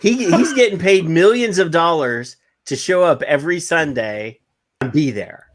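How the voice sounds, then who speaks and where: Man chatting casually, fairly high voice. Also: lively intonation, normal speed. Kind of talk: casual chat.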